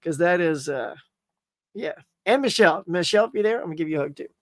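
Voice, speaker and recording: A man's voice: on the high side, animated, quick pace, no room sound, clean studio sound. A man hosting a casual live stream, rambling cheerfully, greeting viewers and reading their comments, often saying "y'all" and "man.".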